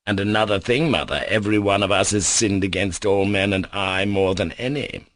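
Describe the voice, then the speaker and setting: A man voicing a gentle, tender young man who is dying, speaking in soft, caressing words. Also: lowish voice, moderate pace, no echo, clean studio sound, lightly acted. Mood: tender, joyful.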